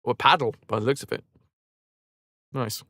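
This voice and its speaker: A man's voice: medium pitch, moderate pace, no echo, clean studio sound. A man streaming who retells a legend casually, with profane jokes and asides. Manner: animated, profane, jokey asides.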